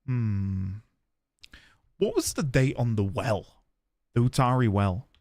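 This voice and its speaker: A man's voice: mid-range voice, sing-song, takes it slowly, a little mellow, dry recording, studio quality. A man streaming a game, musing aloud playfully as he reads notes and explores. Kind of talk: let's-play commentary.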